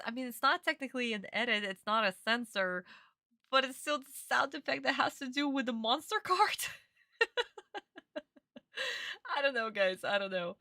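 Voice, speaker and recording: A woman's voice: on the high side, sharp tone, no echo, studio quality. Exasperated, swearing young woman streamer. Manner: exasperated, profane ranting. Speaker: streamer reacting to an anime. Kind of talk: casual live-stream reaction.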